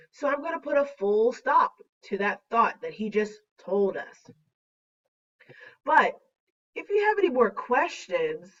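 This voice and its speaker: A woman teaching a third grade lesson on a slideshow, speaking slowly and deliberately with a playful teacher manner. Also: on the high side, a bit bright. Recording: dull, distant lo-fi recording.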